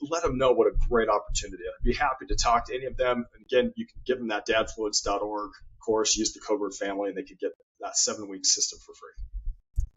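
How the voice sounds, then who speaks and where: Husky-voiced man telling stories on a muffled line. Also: fairly low pitch, steady tone, fairly quick. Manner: earnest storyteller, repeats words. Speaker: guest author. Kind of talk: interview conversation.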